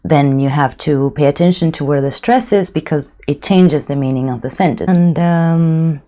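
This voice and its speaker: A woman's voice: low-pitched, moderate pace, mellow. A woman giving a casual video lesson on pronunciation, chatty, with many fillers and restarts. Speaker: language teacher.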